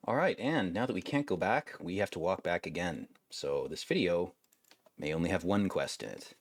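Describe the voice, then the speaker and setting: A man rambles through a laid-back let's-play commentary and swears casually. His voice sits on the low side, and the recording is dry and close. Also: lively intonation, moderate pace, no echo. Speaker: gaming video host.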